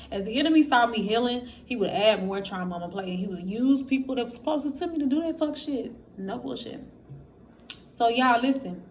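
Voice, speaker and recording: A woman vlogger with a mid-range voice talks straight to her viewers, telling her own story in a candid, casual, profane way. She's animated and acts out what other people said. There's a little hiss or hum in the recording.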